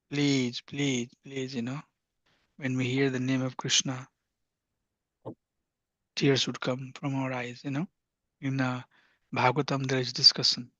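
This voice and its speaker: A man teaching a devotional scripture class, earnest, often sinking to a hushed near-whisper. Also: medium pitch, no room sound. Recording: dull lo-fi, dry sound.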